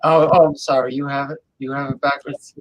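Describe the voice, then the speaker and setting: A man's voice: medium pitch, level tone, brisk, highs cut off. A man co-hosting a casual talk show, rambling with lots of fillers and restarts. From New Jersey. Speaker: co-host. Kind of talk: casual chat.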